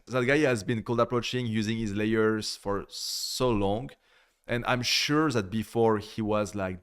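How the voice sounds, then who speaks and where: A man's voice: lowish voice, fairly bright tone, smooth. A man giving blunt, critical reaction commentary in a casual way, swearing freely. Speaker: video reviewer.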